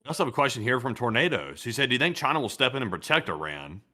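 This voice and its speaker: A man co-hosting a live stream who reads out viewer questions and adds his own views, talking quickly and stumbling a little over his words. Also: medium pitch, big pitch swings, bright, forceful tone. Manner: quick and slightly stumbling, with fillers. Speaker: co-host reading viewer questions. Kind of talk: casual live-stream commentary.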